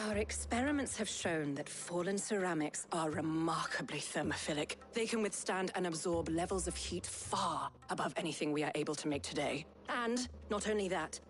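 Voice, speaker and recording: A woman's voice: fairly low pitch, a little hiss or hum, close to an everyday voice. A woman voicing an earnest female engineer in a video game, explaining a reactor in long technical detail.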